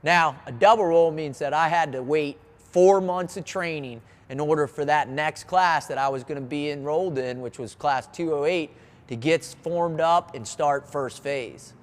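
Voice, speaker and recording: A man's voice: fairly high pitch, moderate pace. Man, motivational speaker, personal storytelling, earnest, restarts phrases, long echoey reverb. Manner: earnest, vivid, with frequent restarts.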